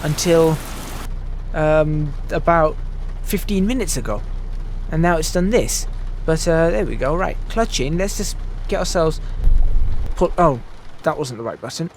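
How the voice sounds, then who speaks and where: A man's voice: fairly high pitch, lively intonation, a little slow, slight background noise. A man hosting casual let's-play commentary, rambling as he narrates his own actions with fillers and asides. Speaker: gaming channel host. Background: truck engine, rain and thunder from the game.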